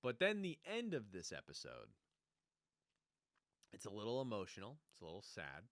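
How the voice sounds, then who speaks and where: A man co-hosting a podcast, chatting casually and animatedly about a TV show, jumping into quick character impressions. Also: fairly low pitch, wildly swooping pitch, a bit bright, no echo, clean studio sound. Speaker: podcast co-host. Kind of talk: casual chat recapping a TV show.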